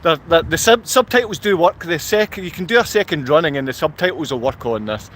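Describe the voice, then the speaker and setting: A Scottish man talks off the cuff on a live stream, his voice sitting a touch higher than most men's. He wanders from one thought to the next and answers the comments he reads out. Faint traffic hums behind him in an outdoor car park. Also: lively intonation, brisk, hardly any pauses, a bit bright. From Scotland. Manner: rambling, reads viewer comments aloud and answers them. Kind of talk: rambling live-stream monologue.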